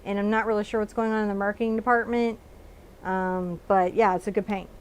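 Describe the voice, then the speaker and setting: A woman's voice: medium pitch, little pitch movement, a little fast, smooth. A woman with a Texan accent teaching a live painting lesson in her studio, chatting and narrating each brush step as she paints. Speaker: painting instructor. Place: art studio.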